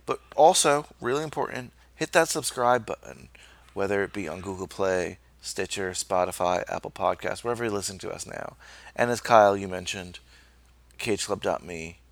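Gravelly-voiced man hosting a podcast. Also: deep voice, normal speed, no echo. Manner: loose, friendly sign-off with fillers. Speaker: podcast co-host. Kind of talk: casual podcast outro chat.

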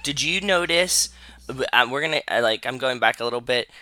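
A man's voice: medium pitch, lively intonation, normal speed, sharp tone, no echo. A man from Pittsburgh co-hosting a casual podcast chat, blunt and profane with wry asides. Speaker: podcast co-host.

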